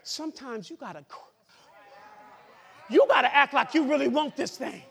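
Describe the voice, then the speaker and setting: A man preaching a sermon who shouts, cries out and then drops to a hush, heard in a church hall. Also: very high voice, expressive, normal speed, vocal fry. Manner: shouting, cries out, swings from loud to hushed. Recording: long hall reverb.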